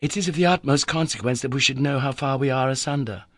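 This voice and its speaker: A man's voice: mid-range voice, fast, a bit bright, dry recording, clean studio sound, pitched above the performer's own voice. A man voicing a young man lost underground who talks urgently and pleadingly. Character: young man lost in a cave, weak and anxious.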